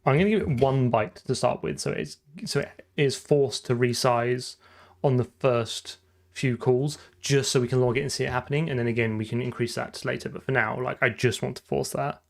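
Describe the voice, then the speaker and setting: A man with a southern English accent talks through his code on a live stream. His voice has a gravelly, fry-edged texture at an ordinary middle pitch. He thinks aloud in a loose, chatty way. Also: fairly even intonation, moderate pace. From southern England. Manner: chatty, thinks aloud while coding, laughs often. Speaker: programming streamer. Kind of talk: casual live-coding chat.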